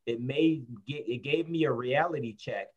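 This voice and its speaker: A middle-aged man from Syracuse, New York, tells a long story in a casual interview. He rambles and restarts his sentences, filling gaps with "you know" and "like." His delivery is animated and conversational. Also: mid-range voice, unhurried, highs cut off. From Syracuse, New York, USA. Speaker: guest, former college football player.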